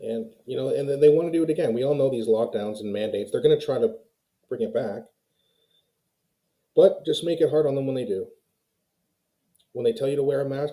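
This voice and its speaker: A YouTube commentary host speaks straight to his viewers, calling them "guys," in a heated, ranting stream of opinionated casual commentary to camera. His medium-pitched voice moves at a quick pace with a dark tone, and the audio quality is poor.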